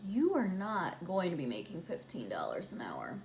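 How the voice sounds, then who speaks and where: A woman vlogger telling a story while doing her makeup, chatty and sarcastic, dropping into hushed voices when she quotes people. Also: on the low side, huge pitch swings, moderate pace, a little hiss or hum. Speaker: beauty vlogger.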